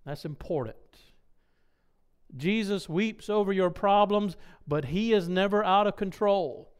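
A man's voice: sits high, unhurried, smooth. A man preaching a sermon, asking the congregation rhetorical questions and acting out sounds. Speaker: pastor.

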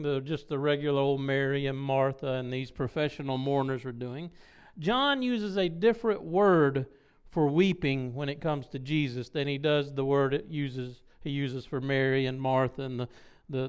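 A man's voice: on the high side, clean tone. A man preaching a sermon, asking the congregation rhetorical questions and acting out sounds. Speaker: pastor.

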